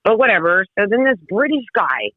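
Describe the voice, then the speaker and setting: Female guest, lively storyteller who laughs and curses freely, tinny phone-line audio. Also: medium pitch, brisk, no room sound. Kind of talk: casual storytelling.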